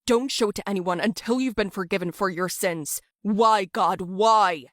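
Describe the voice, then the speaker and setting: A woman voicing a yelling, stern cartoon father. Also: mid-range voice, brisk, no room sound, studio quality, close to an everyday voice. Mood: furious. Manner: scolding, yelling. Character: stern angry religious father, middle-aged man.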